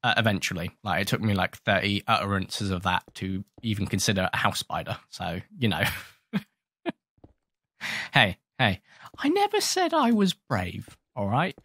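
In a clean studio recording with no room sound, a gaming channel host speaks at a normal pace in a low, bright, forceful voice. He rambles through casual gameplay commentary, cracking jokes at his own expense and scolding the creatures on screen.

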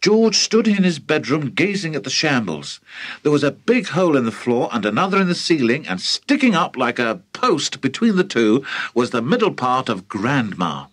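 An older British man narrating a children's audiobook with theatrical, highly expressive storytelling. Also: moderate pace, husky. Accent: British English. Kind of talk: audiobook reading.

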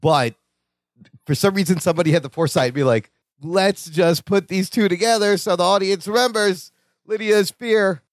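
Man podcast co-host, high and very animated, dry close mic, quick reactive chat. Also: no echo. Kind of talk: casual recap chat.

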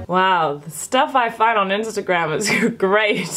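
A woman in her twenties chatting casually to camera in a vlog, bubbly and animated, with her pitch jumping up when excited. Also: measured pace, hardly any pauses, soft background music. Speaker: vlogger.

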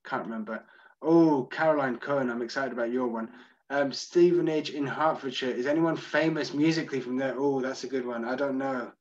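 A man's voice: medium pitch, steady tone, a little fast, dull audio. A man from Scotland hosting an online music tour, chatting loosely as he reads out and answers viewer comments. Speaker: host. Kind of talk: answering live chat questions.

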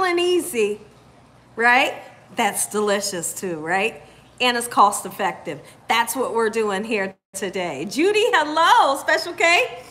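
A woman hosting a cooking livestream, lively and upbeat, greeting viewers by name as they join. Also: high voice. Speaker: cooking channel host.

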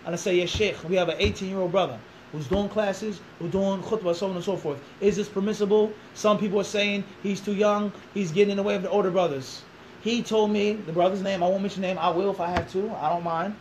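A man telling a long story as an interview guest, animated, acting out quoted dialogue and throwing in rhetorical questions. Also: high-pitched, fast talker, slight background noise, rough recording.

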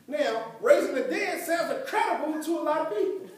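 A woman's voice: sits high, expressive, fairly quick, few pauses, a little mellow. A woman pastor preaching a sermon to her congregation, emphatic and laughing often as she talks. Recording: echoey church from far off.

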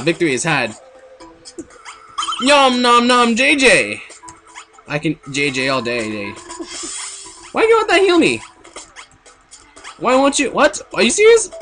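A young man giving jokey, excitable commentary while playing a video game, with sudden outbursts. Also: sits high, moderate pace, long pauses, faint music behind. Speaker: let's play gamer. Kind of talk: goofy gameplay commentary.

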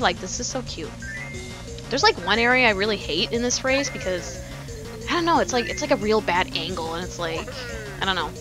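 Woman gamer, lively and rambling; casual let's play commentary with swearing. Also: mid-range voice, moderate pace, over music.

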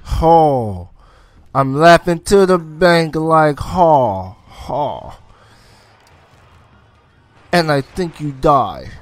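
Excitable man cursing through gameplay. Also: on the high side, slow pace. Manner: excitable, swears, cheers and taunts enemies. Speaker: gameplay commentator. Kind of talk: casual gameplay commentary.

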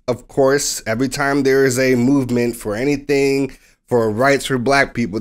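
Male podcast co-host, lively storyteller who acts out quotes, mid-range voice. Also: mid-range voice. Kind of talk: casual sports podcast chat.

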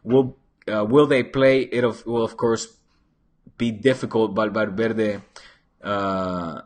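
A man's voice: lowish voice, fairly even intonation, takes it slowly. A man hosting a live football channel, chatting casually, reading viewer comments and rambling with many restarts and stray Spanish phrases, into a desk microphone.

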